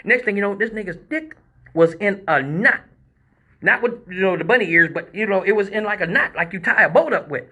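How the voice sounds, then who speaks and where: High, bright-voiced man telling a comic story. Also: a little fast. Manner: animated, profane, acts out scenes with sound effects. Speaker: male exotic dancer, live-stream host. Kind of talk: comic storytelling, casual chat.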